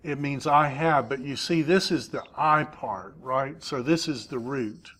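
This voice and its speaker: A man's voice: mid-range voice, measured pace, a bit bright. A man teaching a Greek class, asking students questions and patiently explaining grammar. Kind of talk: classroom lesson.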